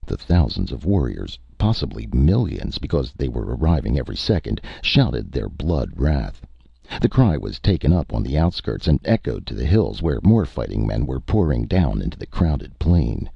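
Very deep gravelly male narrator. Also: no room sound. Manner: steady, measured storytelling. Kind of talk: audiobook story reading. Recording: dry, dull lo-fi recording.

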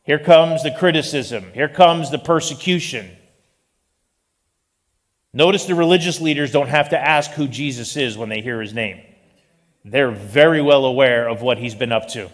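A male pastor preaching a sermon in an animated style, with joking asides. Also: medium pitch, moderate pace. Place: church sanctuary. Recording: long reverb of a large hall.

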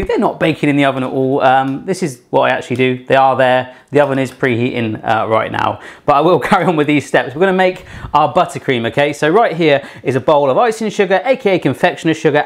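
A man hosting a casual home baking tutorial in his kitchen, chatty and playful with puns and jokes. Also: on the high side. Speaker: self-taught home baker hosting a cooking channel.

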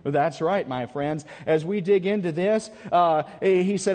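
Man, preacher, high voice, dramatic, calls questions to the crowd, camp meeting sermon, long hall reverb. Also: moderate pace, few pauses, darkish tone.

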